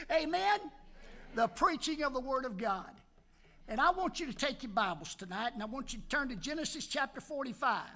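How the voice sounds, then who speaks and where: A man's voice: very high voice, sharp tone. An older man preaching a folksy sermon in a church, joking with the congregation and calling out amen between Scripture readings and prayer. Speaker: pastor. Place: church sanctuary.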